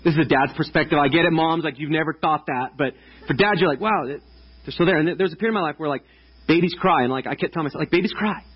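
Casual preacher in his thirties, chatty and loose, slightly raspy voice, dull lo-fi sound. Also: on the high side, fast. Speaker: pastor. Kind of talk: sermon. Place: church stage before a congregation.

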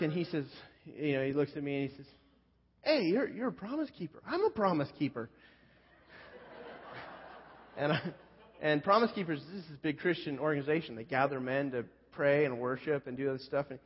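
A man preaching, with a voice pitched a touch high for a man. He tells a self-deprecating story in a relaxed, conversational way with plenty of fillers. The sound is somewhat dull and rings with a long hall reverb. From California Central Coast. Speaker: pastor. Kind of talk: sermon storytelling.

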